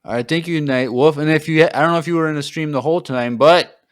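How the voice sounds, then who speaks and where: A man's voice: fairly high pitch, fast, no echo, studio quality. A man co-hosting a podcast, chatting casually and self-deprecatingly with plenty of fillers. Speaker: podcast co-host.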